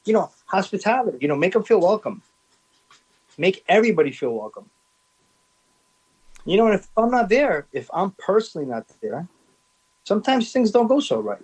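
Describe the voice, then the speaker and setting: A middle-aged food business owner talking in a casual interview, his voice sitting a little high for a man. He is emphatic and drives his points home by repeating phrases. He restarts his sentences often. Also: big pitch swings, normal speed, long pauses, darkish tone, slightly rough, low-quality recording.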